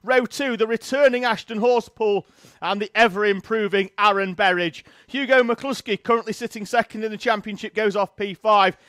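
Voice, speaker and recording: A man giving brisk live play-by-play commentary on a karting race, reeling off names and grid positions. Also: high-pitched, steady tone, a bit bright, dry recording, clean studio sound.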